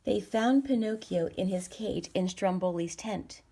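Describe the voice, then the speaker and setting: A woman's voice: mid-range voice, unhurried, mellow. A woman reading a picture book aloud to children, engaging and asking the listener questions.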